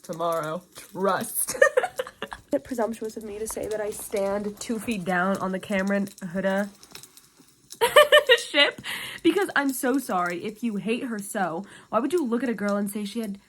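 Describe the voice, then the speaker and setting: A woman's voice: mid-range voice, animated, measured pace, a bit bright, a little hiss or hum. A young woman chatting casually about a book she loves, gushing and dramatic, often breaking into laughter and reading quotes aloud. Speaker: book vlogger. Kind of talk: casual book review chat.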